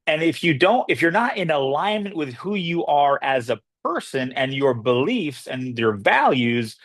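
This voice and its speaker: A man delivering a motivational business talk in a fairly high voice. He speaks conversationally and repeats himself for emphasis, slipping into other people's reactions as he goes. The sound is dry and close. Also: sing-song, unhurried, fairly bright tone, no echo.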